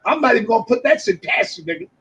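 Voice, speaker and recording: A man in a brash, swearing reaction rant with loud outbursts, heard through dull lo-fi clip audio. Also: extremely high pitch, very fast, slightly rough. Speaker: commentator reacting to a video.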